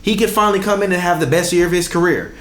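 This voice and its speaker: A man's voice: high voice, racing, a bit bright, reverberant. A man co-hosting a casual sports podcast, arguing his point hard, talking over his partner and stumbling on names. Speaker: podcast co-host.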